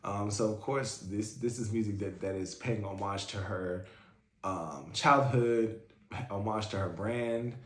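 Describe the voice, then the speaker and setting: A man's voice: lowish voice, steady tone, measured pace. Chatty man reacting to an album. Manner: chatty, fan-like, many fillers. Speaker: music reaction host. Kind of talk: casual album reaction commentary. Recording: roomy echo, faint music.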